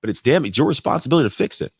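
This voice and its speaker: A man in his thirties, a podcast guest, telling personal stories in an animated, blunt way with casual swearing. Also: medium pitch, very fast, husky, no room sound, clean studio sound. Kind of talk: casual storytelling in conversation.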